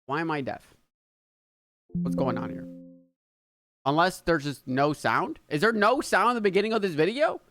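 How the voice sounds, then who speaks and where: An American man hosting a reaction video, casually chatting in an excitable, rambling way with plenty of swearing. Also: fairly high pitch, normal speed, long pauses. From United States.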